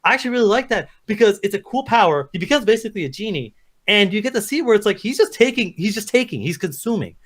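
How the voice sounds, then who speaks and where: A high-voiced man talks fast through a casual movie review chat. He rattles along and drops into quoted bits of the characters as he goes. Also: sing-song, a bit bright. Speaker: podcast co-host.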